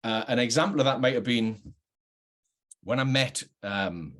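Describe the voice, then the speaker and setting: A measured pace and a fairly bright, mid-range voice mark this middle-aged man from North East England. An actor with a working-class Geordie accent, he reflects on his career to camera with earnest hesitation, regularly restarting his sentences.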